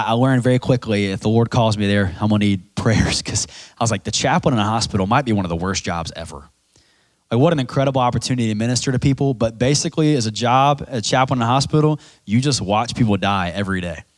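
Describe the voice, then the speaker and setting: A young man preaching a sermon as pastor, with an animated delivery that swings between loud emphasis and hushed lines. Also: medium pitch.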